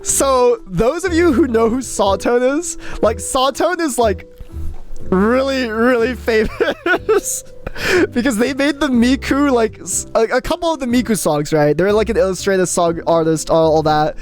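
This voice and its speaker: A young woman streamer in casual live-stream chat, rambling and animated, swearing often. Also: on the high side, unhurried, faint music behind.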